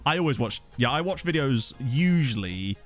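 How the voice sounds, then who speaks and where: A man streaming a football management game, chatting fast with his viewers, laughing often and getting excited at the action. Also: mid-range voice, faint music behind. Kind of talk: casual live-stream commentary with chat. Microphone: desk microphone.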